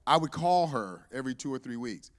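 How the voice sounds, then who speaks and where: A man's voice: mid-range voice, a little fast. Fifties guy, deacon, joking around telling his story to church, mid voice, big echoey hall. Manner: lively, joking storyteller who acts out dialogue. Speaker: church deacon and visiting parent. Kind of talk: humorous testimony to a congregation. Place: church sanctuary.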